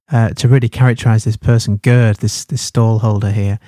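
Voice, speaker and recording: A man's voice: on the low side, steady tone, moderate pace, few pauses, mellow, dry recording, studio quality. A man teaching a study guide, thinking aloud with many fillers and restarts.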